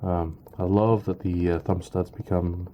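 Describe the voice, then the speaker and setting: A man giving a casual product review, halting and full of ums and uhs. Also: low voice, flat delivery, highs cut off, slight background noise. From Canada. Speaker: knife reviewer.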